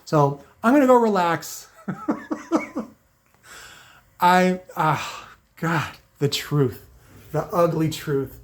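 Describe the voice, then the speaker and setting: A man's voice: a little high, expressive, unhurried, pauses often. A man ranting to his viewers in an unscripted, rambling way, sarcastic and full of restarts. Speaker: car audio video maker. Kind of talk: unscripted rant to camera.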